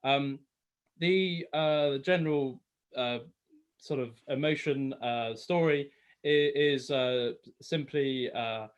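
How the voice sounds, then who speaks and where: A man's voice: mid-range voice, slow pace, clean tone, highs cut off. A male singer casually introducing a song from home, rambling with lots of fillers and self-corrections. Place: home, lockdown online concert.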